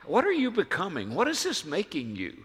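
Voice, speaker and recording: Forceful preacher in a reverberant church. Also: male voice, sits high, huge pitch swings, brisk, husky. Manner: emphatic, rhetorical questions, swings from hushed to loud. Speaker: pastor. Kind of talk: sermon. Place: church sanctuary.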